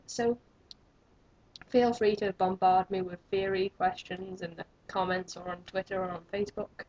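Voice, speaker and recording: A young woman rambles cheerfully to her webcam, joking at her own expense. Her voice is husky and sits in a middle register. The sound is dull and lo-fi, as from a built-in camera mic. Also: mid-range voice. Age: young adult. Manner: rambling, self-mocking, chatty. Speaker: vlogger. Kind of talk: rambling casual vlog.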